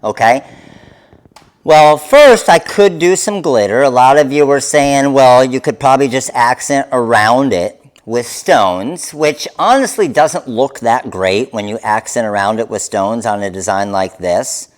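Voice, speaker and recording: A man's voice: mid-range voice, measured pace. A man hosting a live craft tutorial, talking viewers through each step in an upbeat way. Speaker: craft demonstrator.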